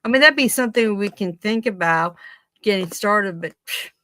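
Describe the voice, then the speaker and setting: A middle-aged woman from the United States, chatting on a video call and often pausing to search for words. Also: mid-range voice, expressive. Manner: hesitant, searches for words, laughs softly. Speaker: paranormal team member, guest. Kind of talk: casual video-call chat.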